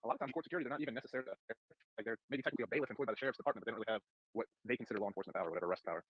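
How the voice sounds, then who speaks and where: A man's voice: lowish voice, rapid-fire, slightly rough, dry recording, dull audio. A man on a casual panel, talking in a matter-of-fact, dry way. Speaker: panel guest. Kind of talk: casual chat.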